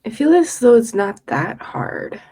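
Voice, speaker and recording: A woman co-hosting a casual chat with her sisters, speaking emphatically and quick to agree. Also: on the high side, sing-song, warm tone, breathy edge. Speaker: podcast co-host.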